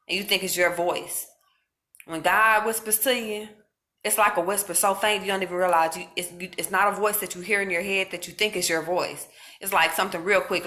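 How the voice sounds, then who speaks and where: A woman's voice: mid-range voice, pushed and bright. A woman speaking earnestly and informally to her viewers, giving casual spiritual encouragement. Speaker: faith vlogger.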